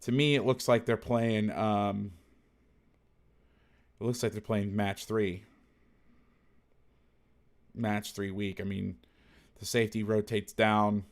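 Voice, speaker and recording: A man's voice: fairly low pitch, flat delivery, slow, long pauses. A man who coaches football, talking casually through game film, blunt and salty, thinking aloud and correcting himself as he goes.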